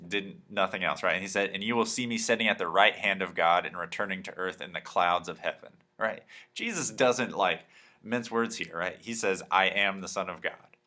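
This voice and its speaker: A man's voice: sits low, normal speed, bright, forceful tone. A man teaching a Bible lesson to a youth group in a casual, conversational way, often checking in with "right?".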